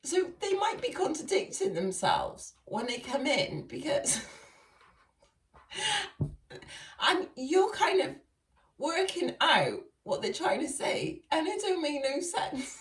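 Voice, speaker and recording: A woman's voice: high voice, huge pitch swings, takes it slowly. A woman doing a casual tarot reading, chatty and laughing often as she talks to her viewers. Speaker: tarot reader. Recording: echoey room, far from mic.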